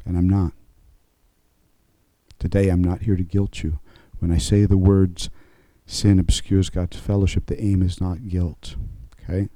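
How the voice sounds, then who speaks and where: A man preaching a conversational sermon, slowing and rising to stress key points and checking in with his listeners. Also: low-pitched, little pitch movement, mellow, dry recording, poor audio. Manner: conversational preaching, frequent "okay?" check-ins. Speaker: pastor.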